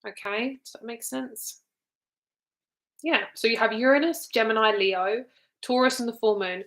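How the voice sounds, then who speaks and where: A woman's voice: a little high, unhurried, a bit bright. A young woman giving a casual live card reading to viewers, chatty and loose, with frequent ums and casual swearing. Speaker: tarot reader.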